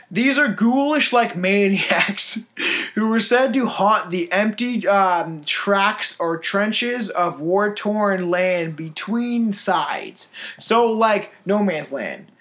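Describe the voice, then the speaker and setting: A young man with a high voice co-hosts a casual podcast. He rambles through strange stories, stumbling over his words and swearing, with a tipsy looseness. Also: a bit bright. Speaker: podcast co-host.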